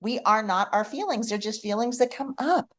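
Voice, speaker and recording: A middle-aged woman, a guest on a podcast, telling personal stories in a heartfelt, expressive way. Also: fairly high pitch, moderate pace. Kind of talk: casual podcast conversation.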